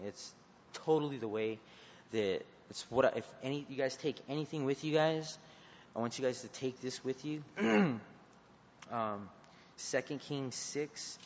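A man giving an informal sermon to students, earnest and halting, with many fillers and restarts, then leading a prayer. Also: medium pitch, slight background noise. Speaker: youth preacher. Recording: dull recording with long reverb.

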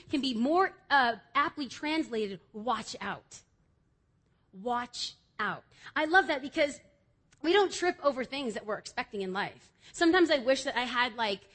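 A woman preaches to a youth crowd in church in a high, bright-sounding voice. She presses her points emphatically, then drops to a hushed, confiding tone before climbing back to loud exhortation. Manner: emphatic, swings from loud exhortation to quiet confession. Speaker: youth speaker. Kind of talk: energetic youth sermon.

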